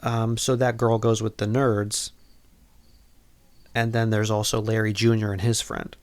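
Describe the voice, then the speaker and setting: A man with a fairly low voice hosts a podcast and recaps a movie in a loose, casual way. He rambles along, packing his sentences with "like" and "you know". His tone stays jokey and irreverent. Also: flat delivery, unhurried. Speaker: podcast host.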